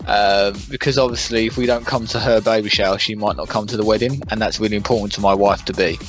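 A young man co-hosting a podcast, chatting casually in a flat, monotone way. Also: fairly low pitch, fast, soft background music. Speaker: podcast co-host. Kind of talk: casual chat.

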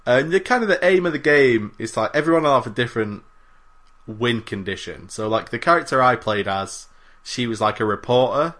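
A man co-hosts a podcast, chatting casually, rambling and mocking himself with plenty of swearing. His medium-pitched voice is fairly bright, with lively intonation and a fairly quick pace.

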